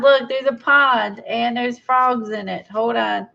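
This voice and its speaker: A woman's voice: fairly high pitch, fairly even intonation, slow, vocal fry, bright, forceful tone. A woman chatting and thinking aloud while she works on a craft project, gushing over small finds. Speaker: craft video host. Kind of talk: casual crafting chat. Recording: dull lo-fi sound.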